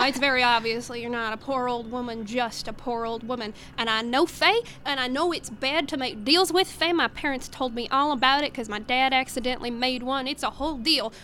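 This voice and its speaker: A woman's voice: high voice, a little fast, hardly any pauses, sharp tone, a little hiss or hum. A woman player in a tabletop game, blunt and direct in and out of character. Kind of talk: casual tabletop play and in-character talk.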